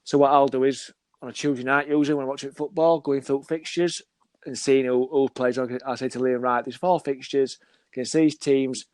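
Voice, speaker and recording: A man's voice: medium pitch, fairly quick, no echo. A man, chatting casually as a football scout and acting out little conversations as he tells stories. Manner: animated storyteller, acts out dialogue. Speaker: football scout, podcast guest. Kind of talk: casual chat.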